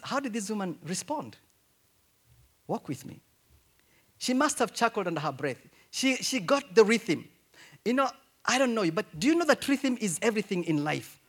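A male pastor preaching a sermon in an animated way, moving between hushed asides and loud, emphatic cries. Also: high voice.

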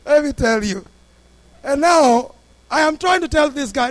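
A male pastor telling a story in a sermon, acting out the people in it with big rises and drops in loudness. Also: a little slow, long pauses, no echo. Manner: animated, acts out the people in his story with big swings in pitch and loudness.

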